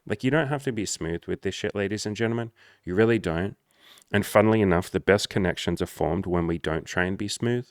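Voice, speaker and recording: A young adult man giving dating and social coaching in a casual monologue, blunt and animated, swearing often. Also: deep voice, brisk, no room sound, clean studio sound.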